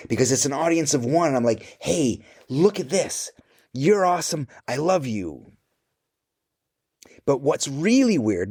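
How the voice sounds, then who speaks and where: Animated, blunt-talking middle-aged man. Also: medium pitch. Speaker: host answering questions. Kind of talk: candid self-interview.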